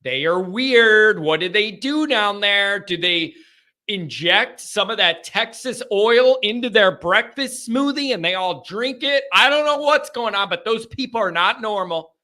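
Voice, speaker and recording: Male call-in show host with a higher pitch and a sharp, forceful tone, animated and joking. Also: unhurried. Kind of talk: live call-in fan chat.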